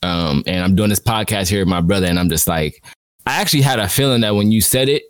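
Young man, low voice, dry sound. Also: quick pace, dry recording. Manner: slangy, repeats himself, stammers. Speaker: podcast co-host. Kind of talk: casual chat. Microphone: held too far from mouth.

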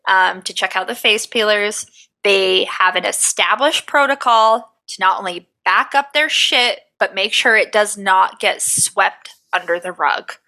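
A woman's voice: medium pitch, measured pace, pushed and bright, poor audio. A woman co-hosting a casual podcast, reading her research notes aloud with profane, jokey asides. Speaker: podcast co-host.

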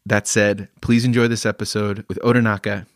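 A man's voice: on the low side, level tone, a little fast, background noise. A man hosting a podcast, with a laid-back, casual way of talking and casual swearing. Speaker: podcast host. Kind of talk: casual chat.

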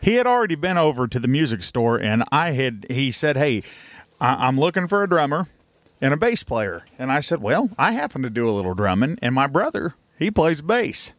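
A man co-hosts a casual chat show, telling a road story in a folksy, meandering way. His voice sits at an ordinary pitch and comes across dry and close, with no room sound. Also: sing-song, moderate pace, a bit bright, no echo. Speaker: podcast co-host.

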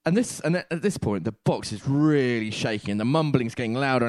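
A man telling an absurd comic story, laughing and shouting in the quoted voices. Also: medium pitch, lively intonation, moderate pace, hardly any pauses, no room sound, clean studio sound.

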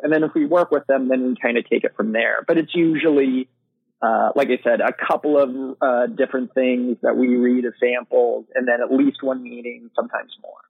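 A literary manager answering podcast interview questions in a casual way, full of "you know" and "like". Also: male voice, medium pitch, steady tone, moderate pace, gravelly, slightly rough, no echo. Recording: dry, thin phone-line sound.

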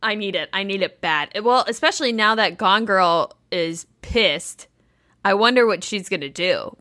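A woman's voice: medium pitch, expressive, normal speed, bright, forceful tone, no room sound, studio quality. A woman co-hosting a podcast, chatting bluntly and casually, with plenty of swearing. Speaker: podcast co-host. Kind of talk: casual recap chat.

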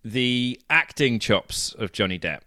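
A man co-hosting a podcast in a casual, animated film discussion. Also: medium pitch, no echo, clean studio sound. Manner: animated, chatty, quick to laugh along. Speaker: podcast co-host.

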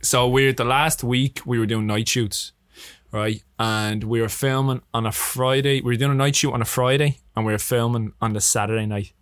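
Animated young Irish man telling stories. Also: medium pitch, moderate pace, no echo, clean studio sound. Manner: animated storytelling, swearing, laughing often. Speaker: filmmaker guest. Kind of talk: casual interview chat.

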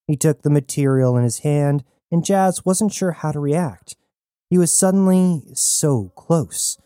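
A man narrating a sci-fi story in steady scripted storytelling. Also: a little high, unhurried, no room sound, clean studio sound. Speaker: audiobook narrator.

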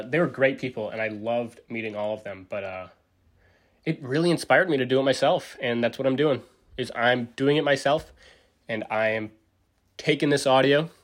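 A man in his forties rambling through a casual solo podcast monologue, full of fillers and restarts, jumping up in pitch to act out what others said. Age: 40s. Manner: acts out quotes with big pitch jumps. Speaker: podcast host.

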